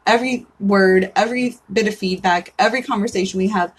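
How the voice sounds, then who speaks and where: A woman's voice: mid-range voice, brisk, slightly rough. A woman in her thirties hosting a casual livestream, chatty and candid, often saying "like" and swearing in passing. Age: 30s. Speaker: livestream host.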